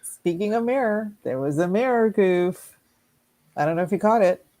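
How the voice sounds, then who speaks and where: A woman co-hosting a casual podcast chat, speaking slowly and laughing often. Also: mid-range voice, lively intonation, a loud crowd. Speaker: podcast co-host.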